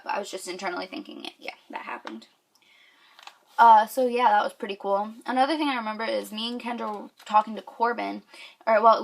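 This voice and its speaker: Give me a young woman vlogger from New York gushing through a story, her voice a bit high and breaking into squeals. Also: fairly bright tone. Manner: gushing, filler-heavy, squealing when quoting others. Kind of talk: excited storytelling to camera.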